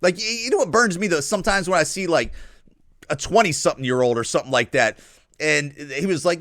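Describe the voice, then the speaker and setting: A man talks straight into the mic in a dry, close recording, hosting his own podcast. His voice is fairly high and bright, and his pitch swings widely. He rants bluntly and profanely in loose slang. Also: animated, a little fast, no echo. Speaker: podcast host. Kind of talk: opinionated solo monologue.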